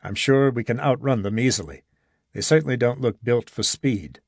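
A man doing a calm, wry expedition leader. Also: mid-range voice, breathy edge, no room sound. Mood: cautious. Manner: solemn, dry-humored, measured.

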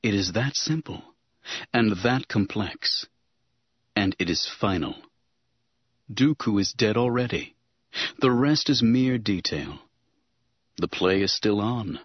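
A man giving dramatic, expressive audiobook narration. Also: medium pitch, takes it slowly, long pauses, slightly rough, no room sound. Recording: dull recording with music underneath.

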